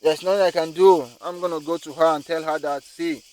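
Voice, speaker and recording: A man's voice: on the high side, fairly even intonation, brisk, a little mellow, lightly acted, low-quality recording. A man telling a story and voicing a weary husband talking himself out of a rash decision. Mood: resigned. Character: weary traveling husband, hot-tempered then calm.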